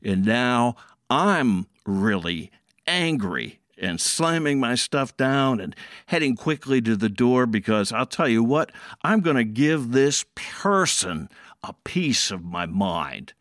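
A man's voice: medium pitch, sing-song, slow, a bit bright, dry recording, clean studio sound. A man voicing a male garage mechanic who earnestly and folksily recounts an incident from his own work. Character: male garage mechanic telling a regretful story. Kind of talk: storytelling.

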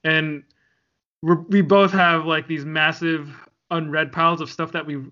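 A man co-hosts a casual podcast, rambling between jokes with a bright, somewhat tense tone. His voice sits a little high, and the recording sounds dull and lo-fi. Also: level tone, measured pace. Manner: rambling, jokey, laughs often. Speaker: podcast co-host. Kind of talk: casual chat.

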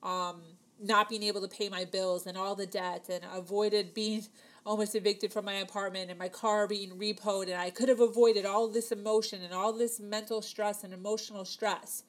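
In a level, medium-pitched voice at normal speed, a woman in her thirties tells her viewers a personal story to camera. She keeps it chatty, leans on plenty of fillers, and acts out the conversations.

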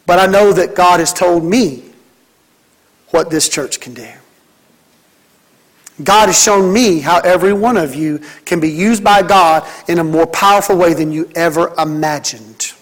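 Male pastor, high-pitched, fervent sermon delivery with repeated phrases. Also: measured pace, poor audio. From Mississippi. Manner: preaching with emphatic, rhythmic repetition.

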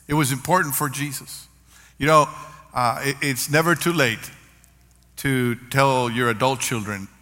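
A man's voice: mid-range voice, sharp tone. An older man preaching a sermon as pastor, earnest, with varied emphasis and stories. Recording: long reverb of a large hall.

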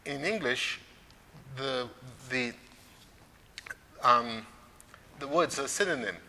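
A man preaching a sermon on scripture, measured, lifting his voice for emphasis. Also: mid-range voice, pushed and bright, in a large hall, a little hiss or hum.

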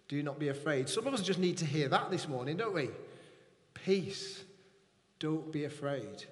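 Male preacher, slightly high voice, scripture reading, soft repeated lines, reverberant church hall. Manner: reads scripture then repeats lines softly for emphasis. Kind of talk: sermon. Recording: echoey hall with long reverb.

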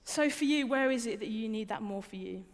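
A young adult woman preaches in a brisk, slightly high voice, keeping her sermon conversational, informal, and personal. She often repeats words and asks the audience questions. The recording carries hall reverberation.

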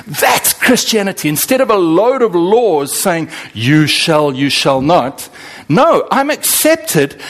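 A man from Zimbabwe, preaching a sermon with animated, dramatic swings in delivery. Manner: animated, with sudden dramatic swings in pitch and pace. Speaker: pastor.

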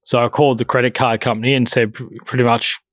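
A man's voice: medium pitch, flat delivery, fast talker, fairly bright tone, no echo, clean studio sound. Man telling a story. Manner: swears freely, acts out both sides of the conversation. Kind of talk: casual storytelling.

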